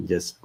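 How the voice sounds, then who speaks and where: A man, a physician educator, answering viewer questions in a livestreamed lecture Q&A, sounding exasperated and indignant as he vents. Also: mellow. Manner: reads viewer questions aloud and answers them.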